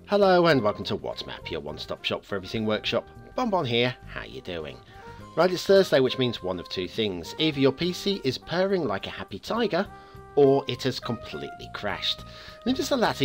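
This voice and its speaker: A man hosting a game map review show, talking in a chatty, upbeat way with playful asides. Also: medium pitch.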